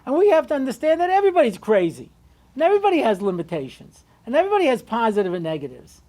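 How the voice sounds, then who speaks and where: A man's voice: very high voice, rapid-fire. A man who is a rabbi, giving a humorous lecture and telling stories with acted-out dialogue. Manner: animated joking storyteller who acts out dialogue.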